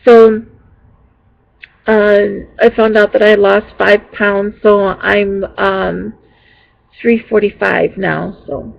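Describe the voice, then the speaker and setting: A woman's voice: medium pitch, little pitch movement, slow pace, vocal fry. A woman vlogger telling her viewers a story in a rambling, casual way with many fillers and restarts, sounding exasperated. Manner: exasperated retelling. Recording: dull lo-fi home recording.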